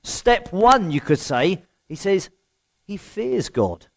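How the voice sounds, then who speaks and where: Man, higher pitch, preacher, conversational sermon, rhetorical questions. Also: very animated, takes it slowly, vocal fry. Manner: rhetorical questions, self-deprecating humour.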